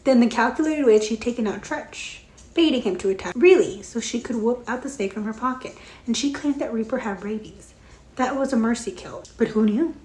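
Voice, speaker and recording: A woman's voice: a little high, fairly quick, a little mellow. A woman talks casually about a book she is rereading and reads passages from it aloud, with plenty of "like" and some swearing. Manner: chatty and profane, full of "like". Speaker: book reviewer. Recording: roomy echo.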